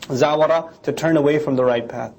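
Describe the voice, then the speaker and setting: Fast-talking animated male lecturer. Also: fairly high pitch. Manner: animated, explains line by line, mimics critics in quick asides. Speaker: lecturer explaining scripture. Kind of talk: lecture on scripture.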